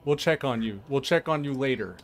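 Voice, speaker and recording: A man's voice: mid-range voice, expressive, fairly quick. A man giving casual, rambling commentary while playing a game, laughing often and talking to himself. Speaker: gameplay streamer.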